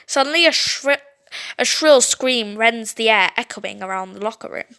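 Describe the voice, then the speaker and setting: Young woman reading a story game out loud, lots of ups and downs, trips over words. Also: a little high, normal speed, smooth. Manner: lively, stumbling over words and correcting herself. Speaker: gameplay video host.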